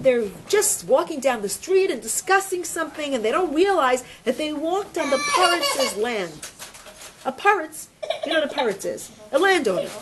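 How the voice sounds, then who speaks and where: A woman giving a storytelling religious lesson to a group, animated and asking questions. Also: sits high. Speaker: religious teacher. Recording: noisy room recording.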